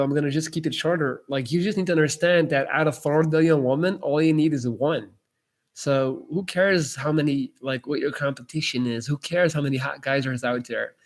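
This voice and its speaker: Male streamer, slightly raised pitch, blunt coach-style talk answering chat. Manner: blunt, swears freely, emphatic. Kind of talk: casual live-stream chat.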